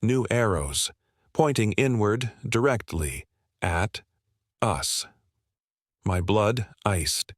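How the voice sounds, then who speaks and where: Low, hushed male horror narrator. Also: animated, very slow, pauses often, no room sound, studio quality.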